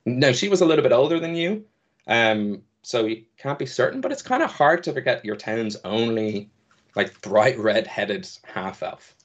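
A man's voice: mid-range voice, animated, normal speed. A man narrating as game master in a casual, loose way with many fillers. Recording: dull lo-fi audio.

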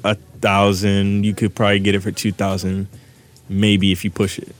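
Slangy joking young man, lowish voice. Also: monotone, normal speed. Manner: joking, slangy, explains at length. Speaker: podcast co-host. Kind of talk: casual chat.

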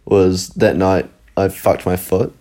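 A man's voice: low-pitched, steady tone, slow pace, mellow. A young man co-hosting a podcast, telling stories in a laid-back casual chat and swearing freely. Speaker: podcast co-host.

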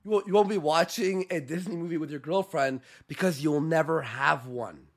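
A man's voice: a little high, moderate pace, a crowd in the background. A man co-hosting a comedic podcast, cutting in with sardonic, mocking remarks. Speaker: podcast co-host.

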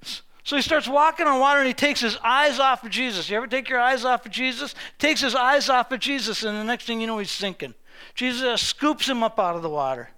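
An older man preaching a lively sermon, telling stories with acted-out voices and humor, often restarting and repeating words. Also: very high-pitched, a little fast, clear, resonant tone. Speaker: pastor.

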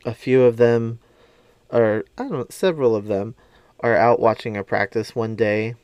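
A man's voice: medium pitch, normal speed, a little mellow, smooth, no echo, lo-fi sound. A man casually recapping a movie he loves, gushing and chatty, with lots of fillers.

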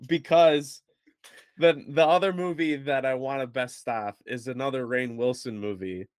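A man's voice: mid-range voice, measured pace, no room sound, clean studio sound. A man co-hosting a podcast in casual chat, rambling a bit and chuckling between phrases. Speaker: podcast co-host.

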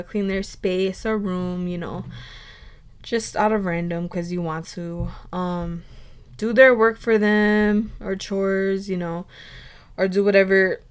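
A woman's voice: medium pitch, clear, resonant tone. A young woman hosting her own podcast, chatting casually with lots of "like" and the odd swear word, laughing between points. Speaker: podcast host. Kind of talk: casual solo podcast chat.

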